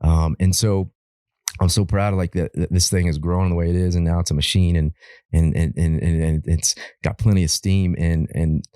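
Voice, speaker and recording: Deep, mellow-voiced storytelling man. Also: normal speed, clear, resonant tone, dry recording, studio quality. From Alaska. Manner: rambling, animated storyteller who swears freely. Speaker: podcast guest, wildland firefighter. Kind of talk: casual podcast conversation.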